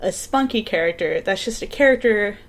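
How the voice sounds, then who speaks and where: A woman co-hosting a podcast in casual chat, animated and sarcastic, swearing freely and acting out quotes. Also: mid-range voice, moderate pace. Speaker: podcast co-host.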